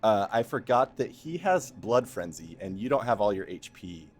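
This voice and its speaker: Low-voiced man running a tabletop game. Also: sing-song, normal speed. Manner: laughs often, easygoing rulings. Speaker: game master.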